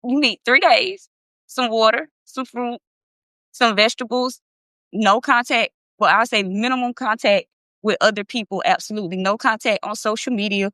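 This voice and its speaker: A woman's voice: a little high, steady tone, normal speed, bright, forceful tone, dry recording. Impassioned thirty-year-old woman on a livestream. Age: about 30. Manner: emphatic, impassioned, swears freely. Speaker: livestream host. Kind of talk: casual livestream talk.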